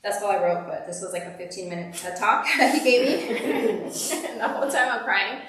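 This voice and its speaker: A woman's voice: medium pitch, animated, normal speed, a bit bright. A woman giving a candid, conversational personal testimony as guest speaker at a church service. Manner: candid, conversational, uses "like" often. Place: church hall. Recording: echoey hall from far off.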